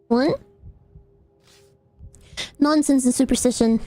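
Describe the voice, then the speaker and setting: A woman's voice: high voice, animated, unhurried, long pauses, dark tone, no room sound, soft background music. A woman streamer reading an interactive adventure story aloud, narrating steadily and breaking into casual asides to her chat.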